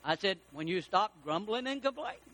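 High, bright-voiced preaching man. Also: moderate pace. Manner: animated preaching, rising to shouts for emphasis. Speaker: pastor. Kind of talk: sermon.

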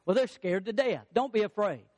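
Here a pastor's high, ringing, slightly mellow voice carries an expressive sermon at a moderate pace. Repeated lines stack up with growing emphasis, he acts out those he quotes, and a large hall's long reverb lingers behind him.

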